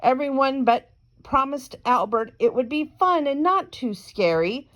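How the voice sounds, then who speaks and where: Slow, careful woman reading a storybook. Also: high-pitched, animated, a bit bright. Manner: slow, careful, with chatty asides. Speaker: reader. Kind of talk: reading a picture book aloud.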